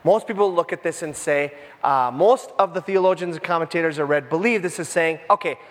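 A man preaching a sermon in a conversational, animated way, full of jokey asides. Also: a little high, brisk, long reverb tail. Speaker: pastor. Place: church room with a congregation.

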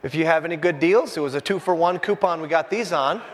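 A man in his fifties, a pastor preaching a sermon to his congregation, animated and jokey, speaking right to the crowd. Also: fairly high pitch, fast talker, big-room sound. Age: 50s. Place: church with a congregation.

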